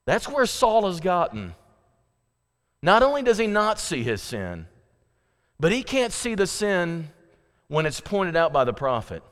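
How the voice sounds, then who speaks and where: A man's voice: sits high, wildly swooping pitch, unhurried, pauses often, a bit bright, big-room sound. A man preaching a sermon earnestly, reading scripture aloud with emphasis. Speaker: pastor.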